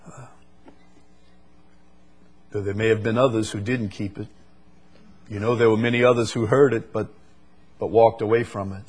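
Husky-voiced man preaching a sermon. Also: fairly low pitch, steady tone, moderate pace, pauses often, darkish tone. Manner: emphatic rises on scripture quotes, stammered repeats.

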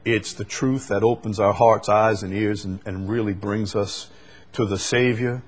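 Husky-voiced man preaching a sermon. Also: on the low side, fairly even intonation, unhurried. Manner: emphatic rises on scripture quotes, stammered repeats.

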